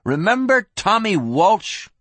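A brash young gunslinger with a taunting drawl, put on by a man reading a western. The voice sits high and husky, jumping around with cocky energy. Dry, close recording. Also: very animated, slow, fairly bright tone, dry recording, full character voice. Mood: mocking. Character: cocky young male gunslinger, mocking and jumpy.

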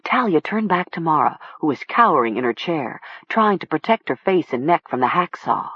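An audiobook narrator reading a horror story with slow, expressive storytelling. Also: medium pitch, breathy edge, no echo, dull audio.

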